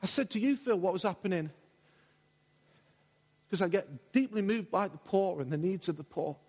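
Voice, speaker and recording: A man's voice: sits high, moderate pace, darkish tone, slightly rough. A man preaching a sermon in a church, impassioned and repetitive in his delivery. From England. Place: large church hall. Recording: long church hall reverb.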